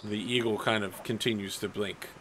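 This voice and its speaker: A man's voice: lowish voice, fairly even intonation, moderate pace, background noise. A man narrating as game master of a tabletop game, casual and chatty with lots of fillers.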